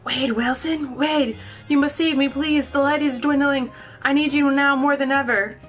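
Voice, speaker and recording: A woman voicing a lovelorn female spirit of death who pleads in a high, breathless, yearning voice. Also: steady tone, moderate pace, a bit bright, faint music behind. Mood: pleading.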